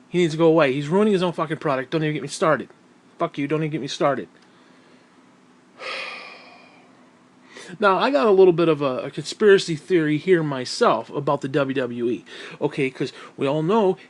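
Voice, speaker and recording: Irritable male vlogger, profane rant, fairly high voice, heavy sighs. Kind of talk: angry ranting monologue.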